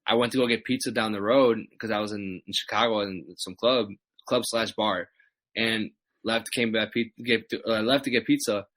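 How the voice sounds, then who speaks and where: A young adult man, a guest on a podcast, tells stories in casual chat, animatedly acting out what people said. His voice is on the low side, at normal speed, with no echo.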